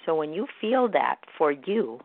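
A woman hosting a morning show, talking in a gentle, encouraging way about dreams and self-love with repeated soothing phrases. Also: sits low, sing-song, a little slow, vocal fry, no room sound. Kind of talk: spiritual self-help talk. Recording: phone-like narrow sound.

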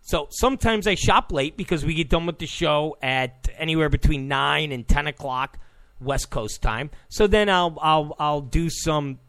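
A talk show host in his own voice, rambling bluntly through a monologue with stammered restarts. His voice sits fairly high with a gravelly fry and swings widely in pitch. The sound is close and dry. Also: fairly bright tone, dry recording. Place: Los Angeles studio.

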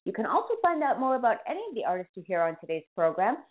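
A woman's voice: mid-range voice, very animated, racing. A woman with a Boston accent hosting a music radio show, chatting casually, joking at herself and spelling out names. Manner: chatty, self-mocking, spells names aloud. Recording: tinny phone-like sound.

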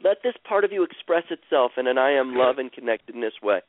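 A man guiding a caller through a healing session, slow and soothing, repeating phrases like a chant. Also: mid-range voice, lively intonation, no room sound. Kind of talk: guided therapeutic session. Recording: tinny phone-line sound, dry.

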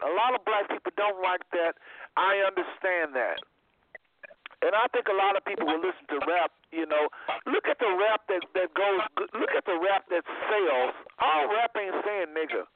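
A man hosting a casual call-in radio talk show, speaking in an animated way and repeating phrases for emphasis. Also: sits high, slight background noise. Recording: tinny phone line.

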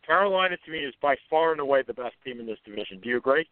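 Racing and expressive, a medium-pitched man co-hosting a sports radio talk show reels off confident predictions and revises them on the fly. The recording is dry, with a phone-like radio quality.

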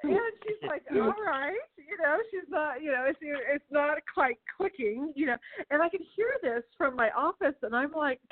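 A woman's voice: high voice, expressive, moderate pace. A woman hosting a casual radio interview, telling a story with lots of energy, giggling and acting out the voices. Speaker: chamber of commerce host. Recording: tinny phone-like radio audio.

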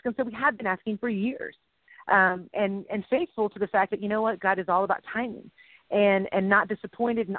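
A woman's voice: medium pitch, normal speed, no echo. A middle-aged woman co-hosting a faith-based chat show, talking in an emotional, rambling way with playful sound effects. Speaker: co-host. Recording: tinny phone-like dry audio.

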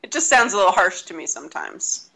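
A woman's voice: medium pitch, big pitch swings, fairly quick, vocal fry, sharp tone. A woman who grew up near Boston, co-hosting a casual podcast chat and talking at length. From Boston area, Massachusetts. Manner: chatty, explains at length. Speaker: podcast co-host.

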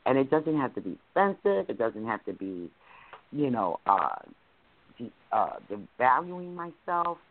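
A woman speaks hesitantly, circling her thoughts with many fillers, her pitch rising and falling in a lively way. She sounds thin and squeezed, as if heard over a phone line. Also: measured pace. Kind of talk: casual chat.

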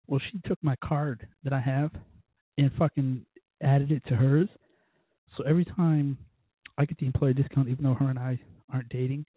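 Through dry, tinny, phone-like sound with no echo, a podcast host speaks in a husky, mid-range voice. He casually rants, telling a fired-up story laced with profanity.

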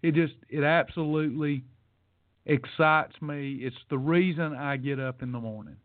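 A man's voice: a little high, moderate pace, no echo. A man hosting a podcast in a casual, playful motivational monologue, folksy and teasing. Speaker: podcast host. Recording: dry, tinny phone-like sound.

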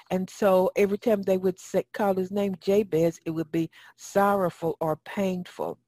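A woman's voice: on the low side, dark tone, no room sound. A woman giving a Bible teaching in a folksy, emphatic way and reading scripture aloud. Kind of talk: sermon teaching.

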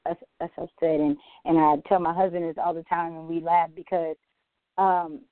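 A woman's voice: lowish voice, no room sound. A woman on a church women's panel, candidly telling stories about anger and acting out her own quoted lines. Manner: candid, animated storytelling with quoted asides. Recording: tinny phone-line audio, dry.

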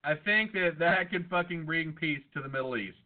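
Brief: high-pitched male co-host, argumentative and jokey, swears freely, thin phone-line sound. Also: moderate pace. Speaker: podcast co-host. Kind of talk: casual profane chat.

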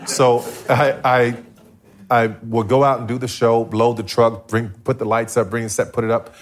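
A man speaks as a guest in front of a live audience, telling a personal testimony. He tells it with animation and acts out his own past dialogue. His voice sits at an ordinary pitch for a man. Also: little pitch movement, normal speed.

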